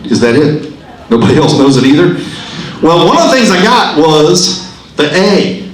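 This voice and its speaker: A man's voice: a little high, sing-song, moderate pace. A man in his sixties doing a stand-up comedy set in a club, rambling, profane and self-mocking, working the crowd. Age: 60s. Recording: echoey club room.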